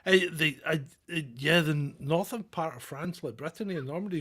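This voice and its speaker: Casting: high, bright British man, irreverent comedy co-host, mocking and sarcastic, laughs a lot. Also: brisk, husky. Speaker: podcast co-host. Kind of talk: casual comedic chat.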